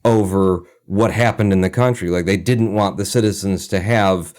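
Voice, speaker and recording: Man, low voice, casual podcast chat, animated storyteller. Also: normal speed. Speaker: podcast co-host.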